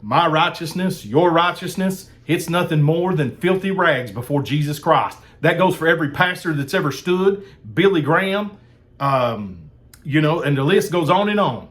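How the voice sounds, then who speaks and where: A man's voice: on the high side, lively intonation, normal speed, fairly bright tone. A man preaching a sermon in a fired-up, emphatic way, repeating phrases for emphasis.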